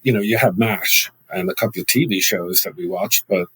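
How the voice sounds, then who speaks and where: A husky-voiced Irish man in his fifties, speaking as a podcast guest. He tells stories in an animated, anecdotal way, often restarting his sentences. His voice sits a little low and sounds close and dry. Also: brisk, no room sound, rough recording. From Ireland. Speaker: guest, sales trainer. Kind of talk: podcast interview, storytelling.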